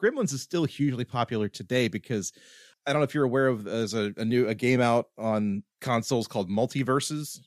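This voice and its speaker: A man chats eagerly on a film podcast, quick to agree and build on his co-host's points. His voice has a middle pitch for a man. The recording is dry and close. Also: dry recording. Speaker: podcast co-host. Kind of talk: casual film podcast chat.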